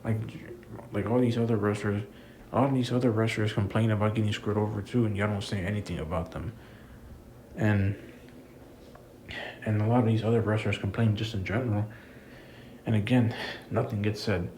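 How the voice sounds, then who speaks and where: Young man, low voice, profane ranting wrestling review, exasperated, faint background hiss. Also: steady tone, normal speed, long pauses, dark tone. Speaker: wrestling commentator.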